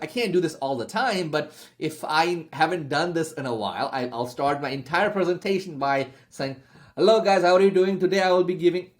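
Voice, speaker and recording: A young man giving a casual spoken sales masterclass, chatty and constantly checking in with "okay?" and "right?". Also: mid-range voice. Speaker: sales trainer.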